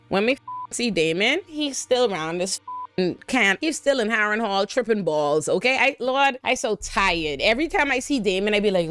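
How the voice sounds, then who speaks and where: A woman hosting a casual TV episode breakdown, talking in an animated, slangy, profane way with frequent exclamations. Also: mid-range voice, moderate pace, faint music behind. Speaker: show recap host.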